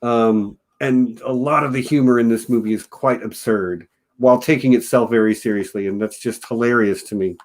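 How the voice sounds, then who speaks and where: A man's voice: medium pitch, fairly even intonation, normal speed. A man from Texas co-hosting a casual film review podcast, enthusiastic and laughing often as he quotes lines. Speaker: podcast co-host.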